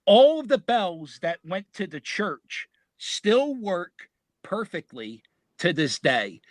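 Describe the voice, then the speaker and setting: An American man with a Philadelphia accent, a podcast guest chatting casually and telling stories in an animated way. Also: a little high, no room sound. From United States. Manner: animated storyteller, laughs often. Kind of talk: casual chat.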